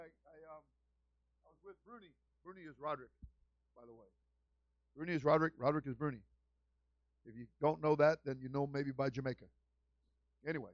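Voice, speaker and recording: A man's voice: mid-range voice, no room sound. Folksy preacher man, muffled recording. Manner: folksy storytelling, builds to loud shouting fervor. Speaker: pastor. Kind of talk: sermon.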